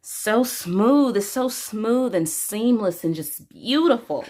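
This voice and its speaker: A woman's voice: fairly high pitch, animated, slow pace, a little mellow. A woman hosting a casual coloring tutorial, chatting to her viewers while she works and stretching out her words.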